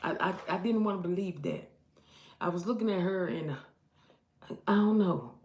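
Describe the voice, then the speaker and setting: A woman preaching prophetic advice in an emphatic way, repeating her points and growing loud when she exhorts. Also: on the low side, normal speed, echoey room, a little hiss or hum. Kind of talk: impassioned street-style preaching.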